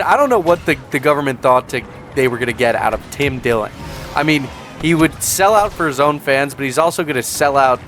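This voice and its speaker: A man's voice: medium pitch, a bit bright. A man giving casual reaction commentary as a vlogger, sarcastic and rambling with restarts.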